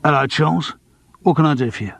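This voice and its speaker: A man's voice: on the high side, fast, creaky, a bit bright, dry recording, pitched above the performer's own voice. A man voicing a businesslike talent agent with a Cockney accent. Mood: brisk. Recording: dry close studio.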